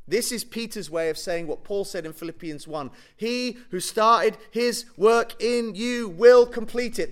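A man with a high, bright voice preaching a sermon. He swings from booming declarations down to near-hushed lines, stretching out key words for weight. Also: unhurried.

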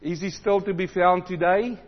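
A man preaching a sermon, swinging between loud emphatic passages and low, quiet asides. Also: fairly even intonation, moderate pace, highs cut off.

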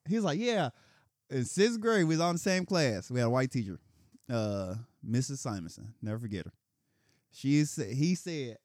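A young man co-hosting a casual chat podcast, telling animated stories and acting out what people said, with plenty of swearing. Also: medium pitch, normal speed, dry recording, clean studio sound. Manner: animated storytelling, acting out quotes, heavy swearing. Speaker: podcast co-host.

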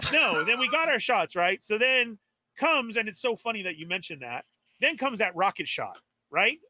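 A man's voice: high voice, big pitch swings, measured pace, sharp tone, slight background noise. A man animatedly telling a story on a live stream podcast, exasperated and acting out his own quotes. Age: adult. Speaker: toy podcast co-host.

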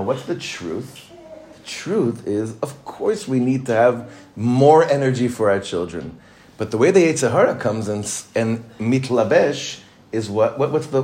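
A man's voice: lowish voice, a little mellow. A man, a rabbi, teaching a Torah class, probing his students with questions and mixing in Hebrew terms.

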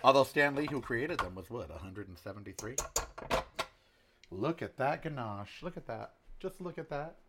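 A man's voice: mid-range voice, expressive, moderate pace, heavy background noise. A sixty-year-old man hosting a casual home cooking show, chatting and giving sassy, opinionated asides while he works in his kitchen. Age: 60s.

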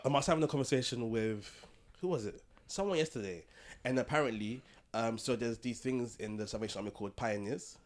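A man co-hosting a podcast, talking casually and pausing often to search for words. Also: mid-range voice. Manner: hesitant, searching for words with many ums. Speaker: podcast co-host. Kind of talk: casual chat.

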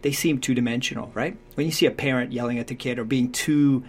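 A man talking earnestly about parenting in a relaxed conversation, acting out what parents and children say. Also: medium pitch, quick pace. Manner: acts out quoted voices, thoughtful and earnest. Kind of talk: conversational advice talk.

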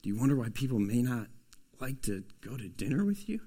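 A man preaching a sermon as a pastor, swinging from loud, emphatic pushes to soft, hushed asides. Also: mid-range voice, sing-song, a little fast.

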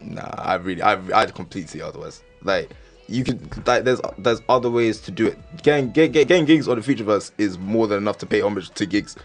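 Low-voiced laid-back man in casual chat. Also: expressive, quick pace, faint music behind. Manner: laid-back, slangy, repeats himself.

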